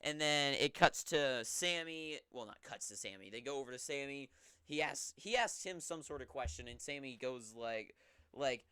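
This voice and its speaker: Young male host for a loose solo recap; rambles offhand, breaks into excited bursts, voice bright and clear. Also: mid-range voice, moderate pace, no echo, clean studio sound.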